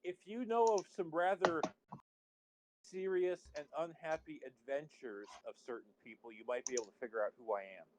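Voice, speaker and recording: A man's voice: a little high, moderate pace, noisy background. A man playing an online improv game, dropping coy, playful hints. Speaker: improv player. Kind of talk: casual online improv play.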